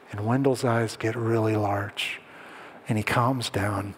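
A man preaching a sermon as a pastor, telling stories and dropping to soft, hushed tones to drive points home. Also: lowish voice, fairly even intonation, takes it slowly, in a large hall, a little hiss or hum. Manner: storytelling, drops to soft hushed tones for emphasis.

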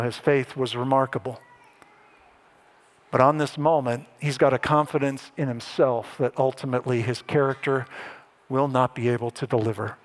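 A man preaching a sermon as pastor, animated and lifting his voice when he acts out what others said. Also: a little high. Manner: animated preaching, voice rising to act out quoted speech.

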